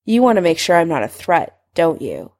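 A woman's voice: fairly low pitch, wildly swooping pitch, moderate pace, a little mellow. A woman reading a guarded young wizard. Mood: wary.

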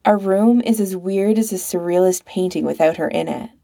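A woman's voice: on the low side, normal speed, gravelly, mellow. A woman voicing a dry, knowing young married man hinting at something. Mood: pointed.

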